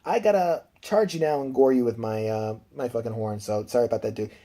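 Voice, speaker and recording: A man's voice: medium pitch, brisk, dark tone, close to an everyday voice. A man voicing a smug male devil goat in a retold film scene, crude and offhand, barely changing his own voice. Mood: mocking. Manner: casual, swearing, offhand.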